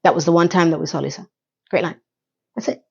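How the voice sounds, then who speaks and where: A woman recapping a TV episode in a casual chat, talking in a lively way with quick asides and questions to her viewers. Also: lowish voice, gravelly, slightly rough, lo-fi sound. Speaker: TV recap reviewer.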